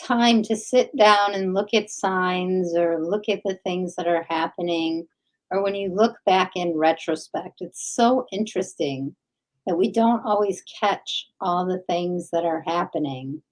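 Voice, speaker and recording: A woman's voice: on the low side, a little slow, rough recording. A woman co-hosting a podcast, reflecting earnestly in casual chat. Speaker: podcast co-host.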